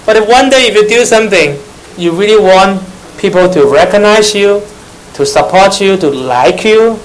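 A man's voice: sits high, lively intonation, normal speed, slight background noise, rough recording. A man with preaching a sermon to young church members, repeating phrases, questioning the audience and adding teasing asides.

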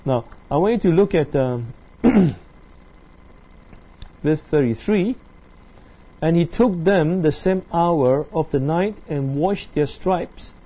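A man teaching a Bible study, reading verses aloud and explaining them in a halting way, with many fillers and tag questions. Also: a little high, lively intonation, dark tone, husky. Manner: reads scripture aloud then explains.

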